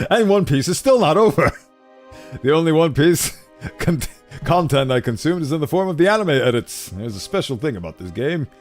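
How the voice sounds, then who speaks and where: A male game streamer chatting casually as he plays, animated and self-deprecating, laughing often. His voice is a little high and swings widely, with faint music underneath. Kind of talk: casual commentary while playing.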